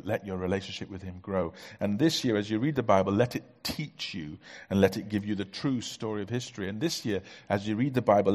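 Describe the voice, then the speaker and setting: Male pastor, very low husky voice, measured sermon delivery, church hall reverb. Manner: measured, emphatic repetition.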